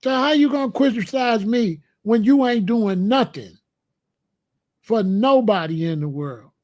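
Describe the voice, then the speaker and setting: A man hosting his own livestream, hitting back at the chat in a combative, profane rant. His voice sits fairly high for a man. He mocks viewers by mimicking them. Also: animated, a little slow, darkish tone. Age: adult. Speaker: livestream host.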